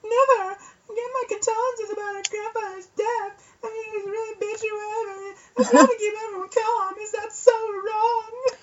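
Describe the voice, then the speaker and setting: A woman voicing a snotty teenage girl who fake-cries in a high, whiny, sobbing voice. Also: fairly even intonation, normal speed, few pauses, lo-fi sound.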